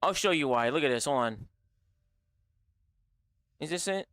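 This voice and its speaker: Young male streamer, loose and profane banter, bright tone, dry close mic. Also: a little high, a little slow, dry recording. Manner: animated, profane, slangy banter with chat. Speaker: gaming livestreamer. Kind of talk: casual stream chat with viewers.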